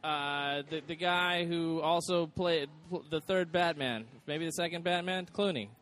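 A man hosting a casual podcast chat, talking haltingly with many fillers and restarts. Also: on the high side, a bit bright. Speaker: podcast host.

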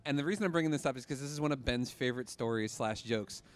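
A man hosting a podcast, telling an animated story in casual chat and laughing as he talks. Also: mid-range voice, fast talker, slight background noise. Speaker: podcast host.

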